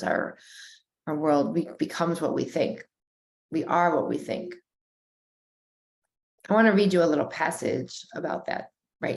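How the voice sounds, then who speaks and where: A woman guides a breathwork and mindset session in a slow, soothing way. Her voice sits a little low for a woman. She pauses often and sometimes restarts her sentences as she speaks. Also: darkish tone.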